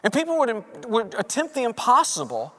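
High, bright-voiced preacher in a reverberant hall. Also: male voice, moderate pace. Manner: animated, acts out quoted voices. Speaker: pastor. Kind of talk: sermon.

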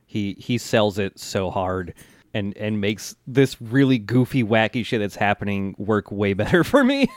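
A man's voice: on the low side, sing-song, measured pace, no room sound, clean studio sound. A man co-hosting a podcast in casual chat about an anime, joking and swearing easily while agreeing with his partner. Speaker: podcast co-host.

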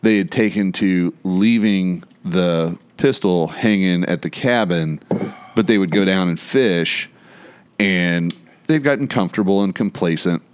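Deep-voiced man telling a profane story. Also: measured pace, clear, resonant tone. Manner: animated, profane anecdote telling. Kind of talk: casual storytelling chat.

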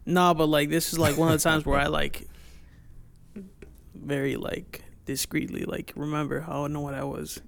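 A young man in a casual podcast chat, telling a profane, animated story about himself. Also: on the high side, normal speed, creaky. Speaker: podcast guest.

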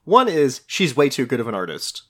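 A man's voice: medium pitch, huge pitch swings, a little fast, fairly bright tone. A man co-hosting a casual review podcast, talking with enthusiasm, rambling and laughing easily. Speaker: podcast co-host. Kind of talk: casual chat reviewing a TV show.

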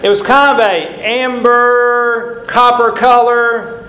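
An older male preacher delivers an earnest, emphatic sermon, leaning on repeated phrases. His voice sits high and moves at a slow, deliberate pace. The sound rings in an echoey church sanctuary. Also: a crowd in the background.

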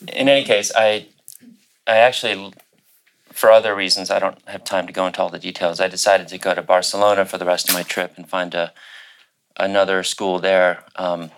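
A man's voice: deep voice, flat delivery, brisk, a bit bright, a little hiss or hum. A middle-aged man telling a personal story as a guest on a panel, hesitant, with many fillers and restarts.

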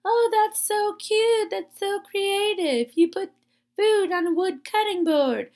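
A woman mimicking gushing adults who coo in an exaggerated, sugary way, pitched far above her own voice. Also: slow, a little mellow, full character voice. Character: gushing adults cooing over kids' snacks.

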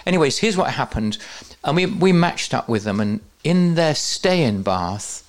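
A man's voice: fairly high pitch, sing-song, normal speed. A man teaching at a church conference, with joking, self-deprecating asides to the audience. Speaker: preacher.

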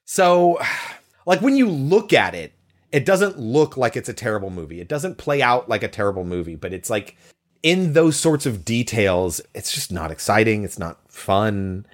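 Podcast co-host, male, sounds sick, lively swooping pitch, opinionated casual talker. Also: moderate pace. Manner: animated, opinionated, swings pitch when emphasizing. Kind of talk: casual movie review chat.

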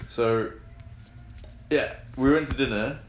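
A man's voice: mid-range voice, takes it slowly, reverberant, slight background noise. A young man telling a long anecdote in casual chat, rambling with fillers and restarts. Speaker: podcast co-host telling a story.

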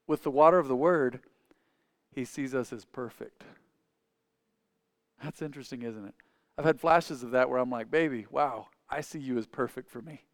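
Male pastor, mid-pitched, dry close sound, conversational sermon with questions to the pews, loud peaks and quiet asides. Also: no echo. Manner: conversational, asks the congregation questions; swings between loud emphatic and quiet asides.

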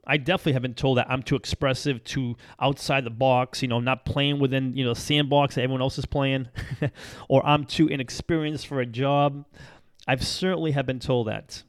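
A man from Massachusetts hosting a short daily motivational show, talking in an energetic, chatty way, often laughing and repeating phrases for emphasis. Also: mid-range voice, normal speed, no echo, studio quality. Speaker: podcast host. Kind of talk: motivational talk show monologue.

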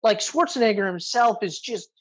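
Husky woman, casual movie chat, cursing, slightly dull lo-fi sound. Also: medium pitch, lively intonation, moderate pace. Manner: casual, swears often, acts out movie lines. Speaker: podcast co-host.

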